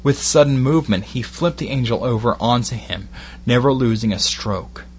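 A Glaswegian man narrating an erotic story in a measured, steady delivery with short phrased pauses. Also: medium pitch, a little hiss or hum.

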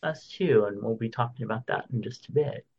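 A man's voice: mid-range voice, brisk, darkish tone, breathy edge, highs cut off. A man co-hosting a podcast in casual chat, reading out birthdays and listener messages. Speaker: podcast co-host.

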